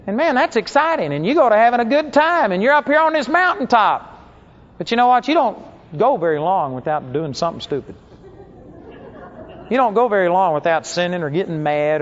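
In a dull, lo-fi recording, a preacher tells stories during his sermon, bringing the characters to life and raising his voice higher whenever he quotes them.

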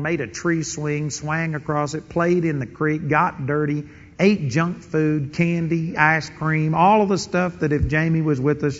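A middle-aged man preaching a sermon, telling stories and acting out prayers in an animated way. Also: fairly high pitch, long reverb tail, lo-fi sound. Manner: animated storytelling with quoted prayers and chuckles.

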